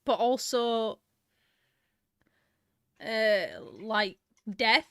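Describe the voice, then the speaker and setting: A woman's voice: fairly high pitch, very slow, fairly bright tone, smooth, dry recording, clean studio sound. A woman chatting casually and laughing easily. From Northern England. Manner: giggly, easygoing. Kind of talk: casual chat.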